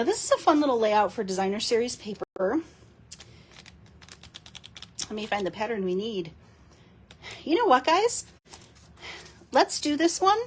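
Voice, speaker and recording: A chatty woman with a slightly husky, fairly high voice hosts a casual live crafting demo. She talks straight to her viewers and giggles often as she works. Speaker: live-stream card-making host.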